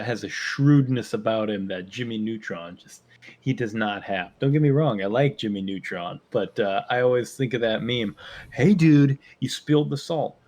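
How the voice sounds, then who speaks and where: A man co-hosting a casual podcast, joking around and slipping into silly quoted voices. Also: lowish voice. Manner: jokey, breaks into goofy quoted voices. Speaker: podcast co-host. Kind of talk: casual chat.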